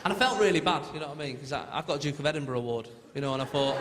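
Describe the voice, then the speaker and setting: A man's voice: mid-range voice, very fast, very noisy. A man doing live stand-up comedy on a theatre stage, telling chatty stories and tagging his lines with "right?". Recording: theatre reverb with loud audience laughter.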